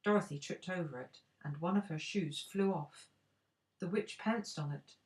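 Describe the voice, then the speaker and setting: An older woman, a grandmother, reading a storybook aloud in an expressive, unhurried way. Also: lowish voice.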